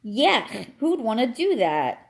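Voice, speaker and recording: A woman voicing an excitable, slow-witted male family dog who gets easily bewildered. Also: on the high side, vocal fry, voice pushed up, heavily acted. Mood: puzzled.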